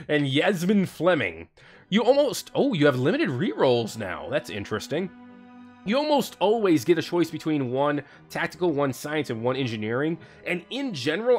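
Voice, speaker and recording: A young man hosting a let's play, chatting excitably and reading game text aloud over faint music. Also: a little high. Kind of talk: casual gameplay commentary.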